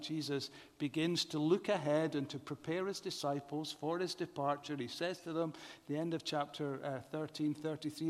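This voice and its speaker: A man preaching a sermon in a measured way, often asking the congregation rhetorical questions. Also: fairly high pitch. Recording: long reverb of a large hall.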